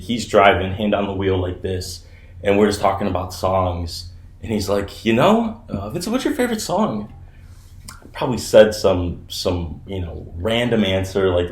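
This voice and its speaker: A young man co-hosting a podcast, telling stories in a laid-back, slangy way with lots of fillers. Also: low-pitched. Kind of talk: casual chat. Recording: roomy echo.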